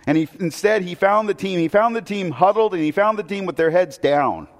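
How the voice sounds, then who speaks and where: A man preaching a sermon, telling a story that swings between loud excitement and hushed, intense moments. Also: high-pitched, fairly quick. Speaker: pastor. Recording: long hall reverb.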